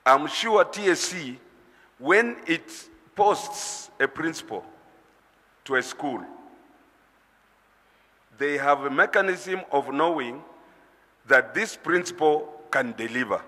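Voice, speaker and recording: Slow, deliberate man. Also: a little high, animated, sharp tone, in a large hall. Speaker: school board member. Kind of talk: formal public speech.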